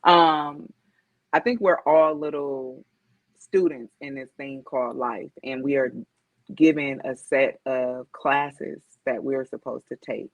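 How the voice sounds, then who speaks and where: A woman with a very deep, steady voice speaks at a slow pace as a podcast guest. The author and motivational speaker talks candidly and reflectively, directly, mimicking the voices she quotes. The recording is dry, dull and lo-fi.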